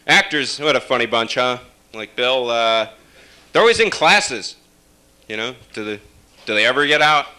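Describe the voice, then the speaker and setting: A man from upstate New York doing a rambling stand-up comedy set with wry, deadpan asides. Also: mid-range voice, moderate pace, long pauses, clear, resonant tone.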